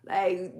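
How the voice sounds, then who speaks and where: A woman's voice: fairly low pitch, darkish tone. A woman hosting a podcast, ranting about celebrity news in slangy casual talk, sighing and laughing as she goes. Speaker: podcast host. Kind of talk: casual celebrity gossip monologue. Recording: echoey room.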